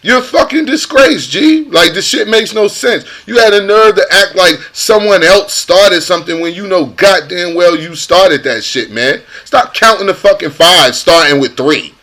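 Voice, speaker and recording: A man's voice: sits high, moderate pace, few pauses, pushed and bright. A man delivering a heated, profane rant as a vlogger, repeating himself for emphasis. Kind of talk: angry rant to camera.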